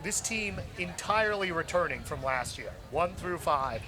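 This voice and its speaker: A man doing live race commentary outdoors, reading lineups and calling the action brisk. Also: on the high side, expressive. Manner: reads team lineups, brisk play-by-play. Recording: outdoor crowd noise.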